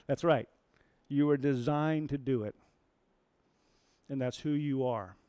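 A man's voice: mid-range voice, slow, clear, resonant tone, no room sound. A man preaching a sermon, telling a story and asking the audience questions.

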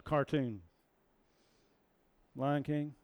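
A man's voice: fairly high pitch, steady tone, very slow, smooth, dry recording, dull audio. A man preaching a sermon, telling a story and asking the audience questions.

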